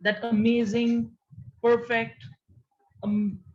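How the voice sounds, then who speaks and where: Middle-aged woman, lively panel talk. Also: fairly high pitch, slow. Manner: engaging, quizzes listeners, frequent "you know". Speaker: panel speaker. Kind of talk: motivational talk on an online panel. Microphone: video call. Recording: muffled video call audio.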